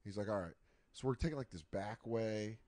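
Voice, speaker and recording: A man in his thirties co-hosting a comedy podcast, telling crude stories in an animated way. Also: fairly low pitch, brisk, dry recording. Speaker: podcast co-host. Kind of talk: casual comedy podcast banter.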